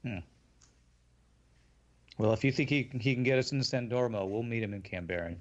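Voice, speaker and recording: A man at a tabletop game table, questioning the game master plainly at a middle pitch. His voice sounds slightly dull, as if from a home mic. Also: a little fast. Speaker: player. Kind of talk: casual game table chat.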